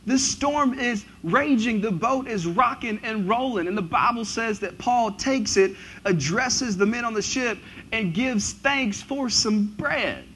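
A man preaching a sermon, reading scripture and then riffing on it, his voice swinging from loud to hushed. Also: extremely high pitch, unhurried, slightly rough. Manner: animated, swinging from loud to hushed, asks the congregation questions; reads scripture aloud then riffs on it. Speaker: pastor.

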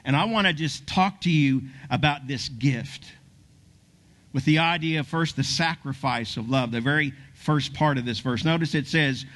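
Animated storytelling preacher, fairly high voice. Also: male voice, moderate pace. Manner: animated storyteller dropping to a hushed near-whisper for emphasis. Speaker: pastor. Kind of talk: sermon storytelling.

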